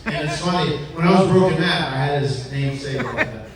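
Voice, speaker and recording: A man's voice: a little high, brisk, recorded from a distance, slight background noise. Man telling stories in an echoey live room. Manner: rambling anecdote with fillers and laughs. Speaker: podcast host. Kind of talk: live storytelling on stage. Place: live venue with audience.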